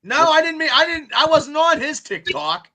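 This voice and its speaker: A man's voice: very high-pitched, big pitch swings, moderate pace, sharp tone. A man hosting a podcast in casual chat, rambling and stammering as he repeats words. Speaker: podcast host.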